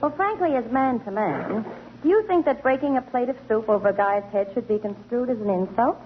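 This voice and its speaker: An actress playing a brassy singing star who fires off sharp wisecracks, in 1940s radio comedy style, on a muffled old recording. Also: female voice, on the high side, lively intonation, fairly quick, slight background noise, lightly acted. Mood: tart. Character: brassy female singing star, tart-tongued.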